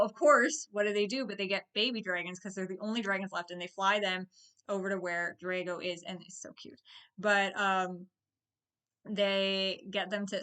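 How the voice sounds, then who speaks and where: A woman casually recapping a movie plot in a chatty, expressive way, acting out characters' lines now and then. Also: mid-range voice, clean tone. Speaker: movie vlogger.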